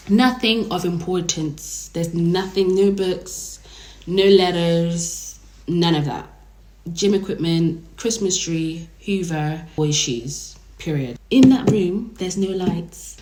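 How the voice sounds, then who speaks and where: A young woman telling a dramatic storytime vlog in a chatty, animated way. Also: fairly low pitch, takes it slowly. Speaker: vlogger. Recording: roomy echo.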